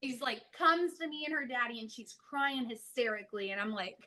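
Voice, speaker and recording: A woman in her thirties talks about her kids in a casual podcast chat. Her voice sits high and sounds bright and forward. She tells stories in an animated way and chuckles mid-sentence. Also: brisk. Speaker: podcast guest, mother.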